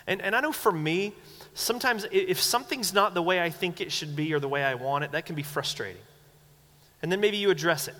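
A young man preaching a sermon as a pastor, animated, acting out quoted voices with big swings in pitch. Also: fairly quick. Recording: long hall reverb.

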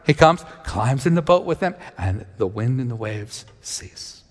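A man preaching a sermon, reading scripture and retelling it in lively storytelling, acting out the characters' voices. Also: mid-range voice, unhurried, in a large hall. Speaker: pastor.

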